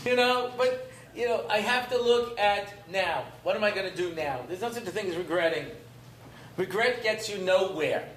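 A middle-aged rabbi teaches an informal Torah lecture, humorous and rambling, mixing in Hebrew terms. His high, fairly bright voice runs at normal speed, with a roomy echo and faint room noise.

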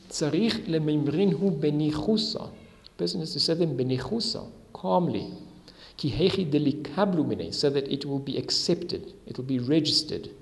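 A man's voice: mid-range voice, gravelly, in a large hall. A man teaching a Talmud lesson with Ashkenazi Hebrew pronunciation, reading each Aramaic line and then explaining it in English. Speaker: Torah teacher.

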